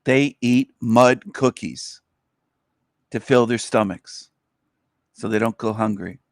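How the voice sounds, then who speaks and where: A man's voice: medium pitch, takes it slowly, no echo, clean studio sound. A man hosting a livestream in casual commentary, often talking in a sarcastic, mock-sincere way. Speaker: livestream host.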